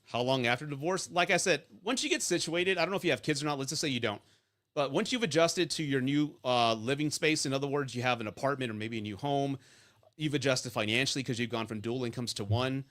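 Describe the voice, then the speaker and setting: A man with a medium-pitched, fairly bright voice talks fast as he hosts a live advice stream on divorce and dating. He's blunt, casual and profane, telling stories and constantly checking in with "right?".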